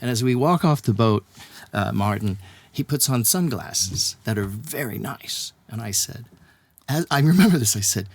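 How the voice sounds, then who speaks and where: A man's voice: medium pitch, expressive, fairly quick. A man from Texas, a songwriter telling a long story in an interview, acting out the voices of the people he quotes and laughing often. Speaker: songwriter guest. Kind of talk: animated storytelling in conversation.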